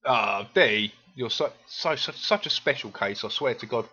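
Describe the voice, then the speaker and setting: A man's voice: medium pitch, expressive, moderate pace, sharp tone, slightly rough, muffled recording. A man from East London with a Cockney accent, chatting casually and swearing freely with viewers while streaming a game. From England.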